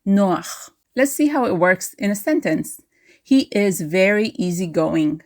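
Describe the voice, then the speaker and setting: A woman's voice: on the low side, lively intonation, darkish tone. A woman teaching Hebrew names, speaking carefully and spelling out each pronunciation. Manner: careful, deliberate enunciation of each word. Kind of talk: slow, clear language lesson. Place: outdoors in wind, then indoors in a workshop.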